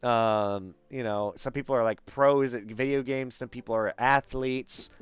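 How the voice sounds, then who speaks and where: A man's voice: medium pitch, fairly even intonation, unhurried, clear, resonant tone, dry recording. A man hosting a casual chat show, talking chattily with many fillers and frequent laughs. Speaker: host.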